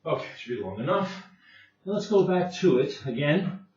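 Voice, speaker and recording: Man, home fitness instructor, winded mid-set, recorded on a distant camera mic in a boomy room. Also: big pitch swings, normal speed, a little mellow. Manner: breathless, puffing between sets, many fillers. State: out of breath. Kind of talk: casual workout demonstration. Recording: very echoey room, distant mic, dull sound.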